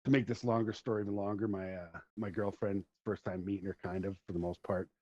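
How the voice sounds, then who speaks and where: A man's voice: lowish voice, steady tone, quick pace, darkish tone, dry recording. A middle-aged man hosting a podcast, telling long rambling stories in casual chat and laughing along the way. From Central Alberta, Canada. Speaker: podcast host. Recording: dull lo-fi recording.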